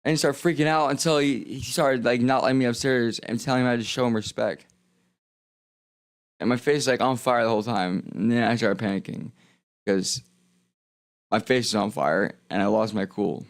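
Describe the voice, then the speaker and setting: Gravelly man ranting a story. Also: normal speed, dry recording, clean studio sound. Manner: swearing, animated, acts out dialogue with rising pitch. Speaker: streamer. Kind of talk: casual storytelling rant.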